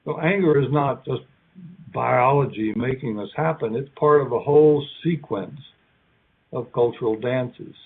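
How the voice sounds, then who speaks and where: A man giving an academic keynote lecture in a conversational, halting way, now and then acting out short quoted lines. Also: medium pitch, slightly rough. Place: lecture hall. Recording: tinny phone-like sound.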